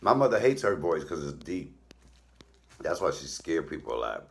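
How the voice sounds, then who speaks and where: A middle-aged male comedian telling blunt, profane stories in a casual, animated way while cooking. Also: rumbling low, moderate pace, vocal fry. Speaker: comedian and cooking show host.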